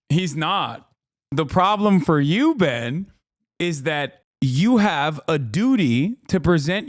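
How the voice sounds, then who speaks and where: Excitable male streamer, dry close mic. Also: fairly high pitch, dry recording. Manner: excitable, laughing, gleeful, rapid bursts of exclamation. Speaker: streamer reacting to a debate video. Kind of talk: casual reaction commentary.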